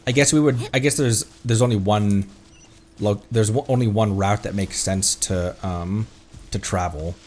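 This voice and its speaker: A man's voice: lowish voice, takes it slowly, pauses often, darkish tone, slight background noise. Giggly man rambling over a game. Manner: rambling, self-correcting, giggly. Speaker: streamer. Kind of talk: casual gameplay commentary.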